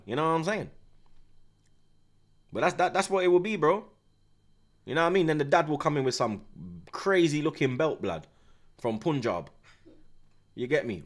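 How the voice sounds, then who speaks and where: A man hosting a live football watchalong, talking in excitable, slang-heavy banter. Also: a little high. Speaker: host. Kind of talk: live match watchalong commentary.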